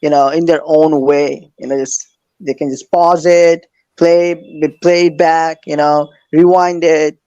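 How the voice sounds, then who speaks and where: A man with a fairly high voice hosts a casual podcast chat. He is hesitant, stopping and restarting often. He stays eager and enthusiastic while he talks. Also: little pitch movement, measured pace, dark tone, smooth, lo-fi sound.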